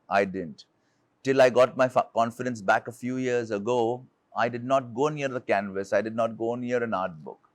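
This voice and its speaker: A man's voice: mid-range voice, no echo. A man from India, giving an earnest motivational talk as a leadership speaker, telling a personal story and asking rhetorical questions.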